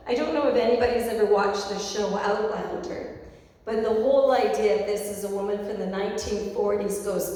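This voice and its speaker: Woman minister, sermon, slow and reflective, far-off mic in a reverberant hall. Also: medium pitch, a little mellow. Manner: unhurried, reflective storytelling.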